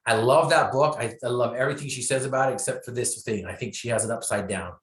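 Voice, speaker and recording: A man's voice: medium pitch, a bit bright. A man telling his story as a motivational speaker, emphatic and repeating key phrases for effect. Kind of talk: inspirational storytelling. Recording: echoey room.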